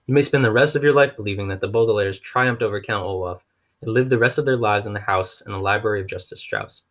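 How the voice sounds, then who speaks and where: Low-voiced man reading a novel aloud. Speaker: audiobook reader.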